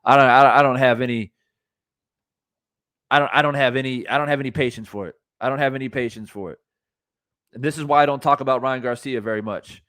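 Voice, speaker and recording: A man's voice: medium pitch, steady tone, fairly quick, long pauses, a bit bright, no room sound. Brief: a male streamer in a mid-range voice, swearing freely and repeating himself for emphasis, dry close sound. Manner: blunt, profane, repeats points for emphasis. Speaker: streamer reacting to boxing news. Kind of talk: live-stream reaction rant.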